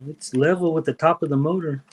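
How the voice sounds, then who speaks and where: A man joining a livestream as a guest, talking in a relaxed, agreeable, casual way. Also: on the high side, brisk, slightly rough, dry recording, rough recording. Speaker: guest on the stream. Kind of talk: casual chat.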